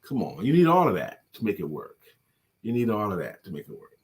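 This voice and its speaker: A man co-hosting a casual live-stream chat, telling dad jokes and laughing loudly at them and greeting viewers by name. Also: on the low side, very animated, brisk, slight background noise. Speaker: co-host.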